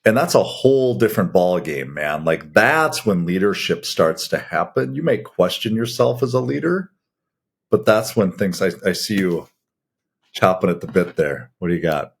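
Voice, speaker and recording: A middle-aged man with a low, husky voice talks through leadership lessons as a podcast co-host. His delivery is blunt and folksy, like a coach talking straight with his team. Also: lively intonation, normal speed. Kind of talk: casual coaching talk.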